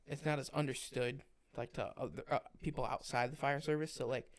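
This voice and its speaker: A man's voice: medium pitch, fairly even intonation, brisk. A young man co-hosting a casual podcast, talking bluntly, swearing freely and using many fillers. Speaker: podcast co-host, firefighter.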